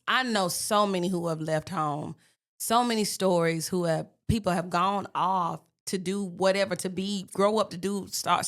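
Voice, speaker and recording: A woman from Birmingham, Alabama, with a mild Southern accent, telling stories as a podcast guest in a lively, animated way. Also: on the low side. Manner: animated storyteller, lively and quick to laugh. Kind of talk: casual interview chat.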